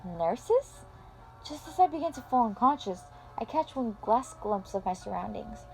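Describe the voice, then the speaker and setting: A woman reads a first-person fan story aloud in a dramatic, expressive manner. Faint music plays softly behind her voice. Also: a little high, normal speed, gravelly, rough recording. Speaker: story reader.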